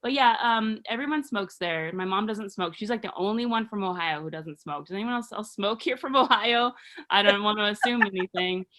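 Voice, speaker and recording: A woman's voice: medium pitch, a little fast, bright, forceful tone. A woman in her thirties from Arizona doing a rambling, self-deprecating stand-up comedy set. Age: 30s.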